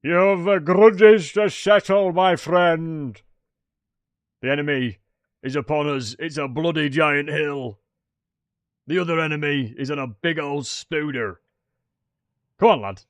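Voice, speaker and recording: A man putting on the voice of a gruff male dwarf warrior, shouting loud rousing battle cries. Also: a little high, unhurried, pauses often, dry recording, pitched above the performer's own voice, natural voice.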